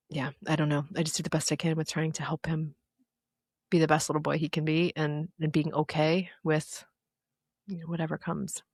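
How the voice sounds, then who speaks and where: A woman's voice: sits low, breathy edge, dry recording, clean studio sound. A woman in her thirties, a guest in an interview, telling personal stories in an earnest, reflective way. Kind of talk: candid interview conversation.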